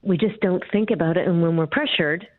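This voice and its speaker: A woman speaks on a radio show over a thin, phone-quality line, her voice slightly low and dry. She explains things in a calm, measured way. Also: no room sound. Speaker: guest author. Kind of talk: radio interview.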